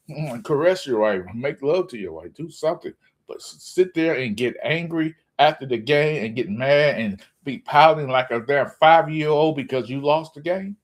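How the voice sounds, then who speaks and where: A man hosting his own sports channel, ranting casually and mocking fans, often laughing. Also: mid-range voice.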